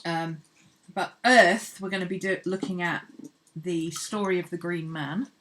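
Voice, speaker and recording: An art-channel host with a voice on the low side talks cheerfully as she sketches, drifting from topic to topic and laughing easily. Her intonation stays fairly even, her pace is measured, and her tone is fairly bright.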